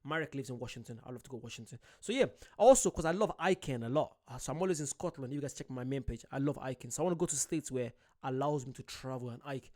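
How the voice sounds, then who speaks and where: A young man who grew up in Ireland gives casual, excitable reaction commentary, swearing and laughing at himself. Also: medium pitch, fast talker, few pauses. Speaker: reaction video host.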